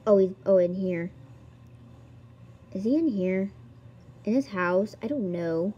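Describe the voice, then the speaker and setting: A woman's voice: mid-range voice, unhurried, long pauses, slightly rough, lo-fi sound. A woman giggling and exclaiming as she plays a video game and reads its text aloud. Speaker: gamer. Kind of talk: let's-play commentary.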